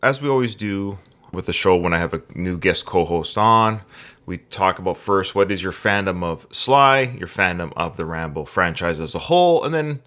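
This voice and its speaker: Lively Canadian podcast host. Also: male voice, deep voice, normal speed. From Western Canada. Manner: enthusiastic, chatty, laughs along. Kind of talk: casual podcast chat.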